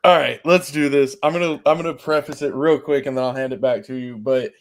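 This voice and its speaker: A man's voice: medium pitch, fairly even intonation, a little fast. A man co-hosting a game livestream Q&A, talking in a casual, friendly way and saying "y'all". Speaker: livestream co-host.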